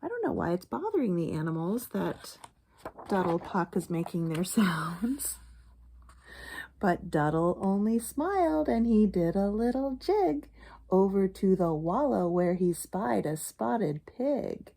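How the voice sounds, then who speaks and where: A woman reading a picture book aloud for children, pausing to comment on the pictures and ask the listener questions. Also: mid-range voice, gravelly. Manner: animated, expressive reading.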